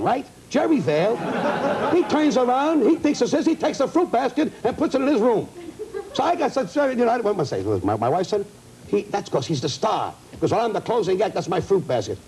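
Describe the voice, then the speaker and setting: A man's voice: sits high, warm tone, a little hiss or hum, rough recording. A man, a comedian, complaining indignantly in a heated talk show interview. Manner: indignant, ranting, rapid-fire complaints. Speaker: comedian guest. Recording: old broadcast audio.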